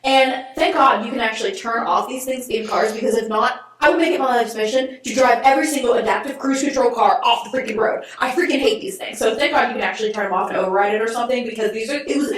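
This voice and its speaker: A woman's voice: fairly high pitch, fast talker, hardly any pauses. Ranting young woman, echoey distant audio. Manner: animated, exasperated ranting with frequent mild swearing. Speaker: podcast co-host. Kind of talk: casual chat, ranting. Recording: echoey, distant lo-fi remote recording.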